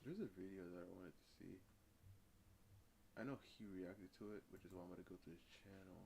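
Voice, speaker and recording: A man streaming live, chatting casually and reacting to a video with slangy, animated talk. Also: a little fast, gravelly, background noise. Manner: animated, slangy, swings loud and high when joking.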